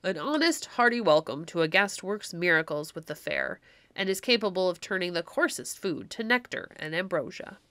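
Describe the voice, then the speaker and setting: A woman voicing a grave, kindly elderly male stranger in a storybook reading, slow and solemn. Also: on the low side, animated, bright, forceful tone, dry recording.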